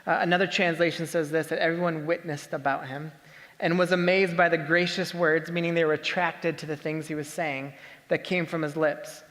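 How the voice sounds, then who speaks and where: High-voiced man preaching in a reverberant hall. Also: level tone, moderate pace, a bit bright. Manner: conversational, many rhetorical questions. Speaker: pastor. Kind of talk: sermon.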